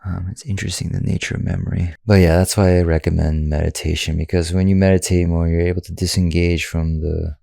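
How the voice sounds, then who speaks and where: A man's voice: low-pitched, flat delivery, brisk, creaky, few pauses, dark tone, dry recording, studio quality. A man hosting a podcast, talking in a casual, rambling way with lots of filler words. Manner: rambling, many "you know" and "like" fillers. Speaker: podcast host. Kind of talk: casual reflective monologue.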